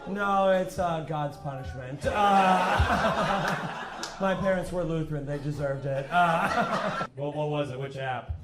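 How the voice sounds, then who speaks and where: A man doing stand-up crowd work, quick and mocking, laughing at his own jokes on a club stage. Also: on the high side, echoey room, heavy background noise.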